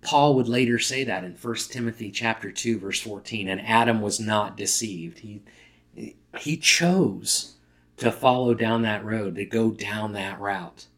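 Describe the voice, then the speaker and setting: Man, pastor, sermon, fairly low pitch, conversational, emphatic. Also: a little slow, fairly bright tone. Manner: conversational, emphatic preaching with restarts.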